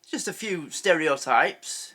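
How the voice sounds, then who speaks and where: Reacting to a sitcom for his video, the host chats casually, laughing a lot and restarting sentences. His voice is fairly high and sharp, animated but unhurried.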